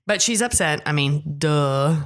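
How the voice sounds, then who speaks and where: A woman's voice: low voice, measured pace. A woman co-hosting a podcast, recapping a show in casual chat with swearing and jokes. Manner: profane, jokey, animated storytelling. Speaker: podcast co-host.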